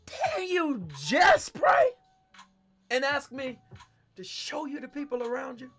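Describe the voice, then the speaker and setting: A man's voice: extremely high pitch, huge pitch swings, takes it slowly, fairly bright tone, soft background music, exaggerated voice. A man preaching a sermon and voicing God as a firm, scolding male voice from heaven. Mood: stern.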